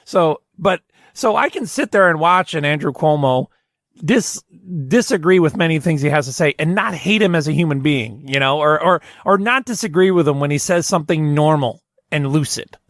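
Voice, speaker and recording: A male podcast host chats loosely, often stopping and restarting his sentences. His voice sits a little high. The sound is dry and close. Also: animated, normal speed, fairly bright tone, no room sound. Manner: rambling, self-interrupting storyteller. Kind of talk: casual chat.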